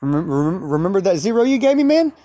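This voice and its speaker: A man's voice: high-pitched, big pitch swings, fast, mellow, dry recording. A man voicing a defiant teenage boy who stammers and taunts. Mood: taunting.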